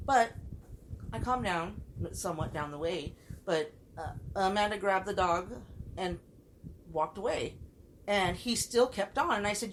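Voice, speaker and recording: A woman's voice: mid-range voice, lively intonation, a little slow, slight background noise, rough recording. Profane, heated woman telling a story. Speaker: podcast co-host. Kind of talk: casual chat.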